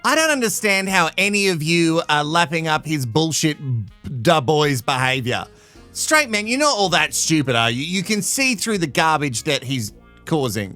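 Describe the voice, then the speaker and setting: A man hosting a casual comedic recap of a reality show, sarcastic and quick to get fired up, laughing often, tired and run down. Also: fairly high pitch, sing-song, sharp tone, faint music behind. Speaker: recap host.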